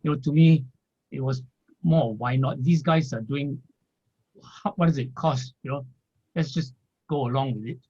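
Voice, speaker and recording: A man, a former financial planner, telling his story in an interview in a rambling way, filling pauses with "you know" and small laughs. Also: medium pitch, dark tone, slightly rough. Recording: dull lo-fi audio.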